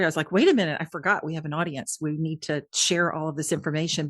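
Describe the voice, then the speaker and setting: A middle-aged woman hosting a podcast interview, enthusiastic and effusive, with quick asides to her listeners. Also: lowish voice. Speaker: podcast host.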